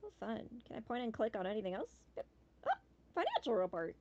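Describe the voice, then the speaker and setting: An animated woman streamer thinking out loud as she plays, with a bouncy voice that swings between high and low. She breaks into cursing now and then, and makes goofy sound effects. The recording is a little dull and lo-fi. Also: fast talker. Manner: chatty and animated, swearing, making playful noises. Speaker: streamer playing a game demo. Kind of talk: casual gameplay commentary.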